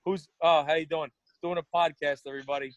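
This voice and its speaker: A man with a slightly high voice runs a loose, casual podcast chat. He tells rambling stories packed with swearing. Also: steady tone, fast, dry recording, lo-fi sound. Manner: profane, rambling storyteller. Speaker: podcast co-host.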